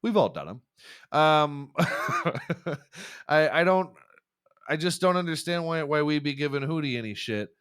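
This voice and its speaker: A man's voice: fairly high pitch, lively intonation, measured pace, pauses often, a bit bright, clear, resonant tone, no echo. Young man, podcast host, rambling profane rant, stumbling restarts, dry close mic.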